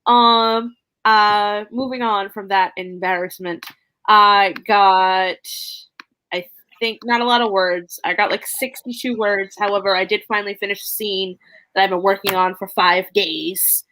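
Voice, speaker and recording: A woman's voice: mid-range voice, steady tone, a little slow, bright, forceful tone, rough recording. A woman co-hosting a writing livestream, chatting casually and self-deprecatingly with stumbling restarts. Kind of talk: casual chat.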